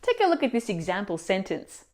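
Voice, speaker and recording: A woman teaching Italian pronunciation in a scripted video lesson, explaining words clearly and asking the viewer questions. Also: mid-range voice, sing-song, brisk, darkish tone.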